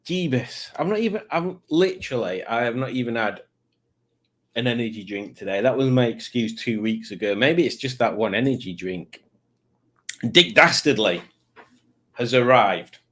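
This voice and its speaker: A man's voice: medium pitch, lively intonation, normal speed, fairly bright tone. A man hosting a live stream in casual chat, reading out viewer comments in a rambling, self-mocking way.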